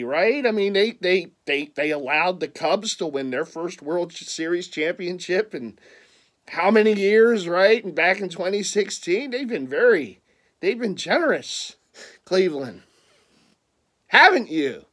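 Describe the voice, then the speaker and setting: This vlogger, from the Philadelphia area and carrying its accent, has a high, expressive, somewhat bright voice at a moderate pace. He chats casually over his purchases, rambling, restarting mid-stammer, and teasing in fun.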